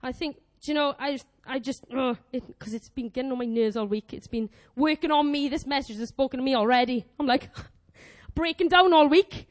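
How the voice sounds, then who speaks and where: A woman in her twenties preaching a lively sermon, animated and exclamatory, acting out quoted prayers. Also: high-pitched, moderate pace, hardly any pauses. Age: 20s.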